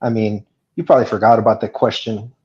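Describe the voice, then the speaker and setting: A man speaking as a guest in a live chat Q&A, earnest and halting, with many fillers and restarts. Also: lowish voice, level tone, a little mellow. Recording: dull lo-fi sound.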